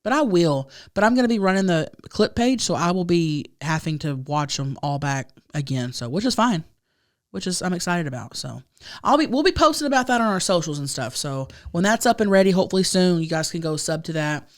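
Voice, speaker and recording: A woman's voice: on the low side, animated, fairly quick. Woman, podcast co-host, casual chat, laughs and swears. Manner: laughing, chatty, swears freely.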